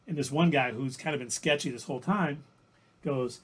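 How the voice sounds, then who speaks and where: A man's voice: a little high, brisk, darkish tone. A man co-hosting a livestream, casually recapping TV episodes in a rambling, self-correcting way. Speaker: livestream co-host.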